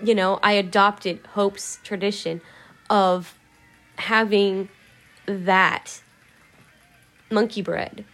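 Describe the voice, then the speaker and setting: A woman talks to her camera in a loose, rambling way, swearing freely and breaking into laughs. Her voice sits in a middle pitch, and soft music plays faintly behind her. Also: fairly even intonation, extremely slow, pauses often. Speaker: vlogger. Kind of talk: casual emotional storytelling.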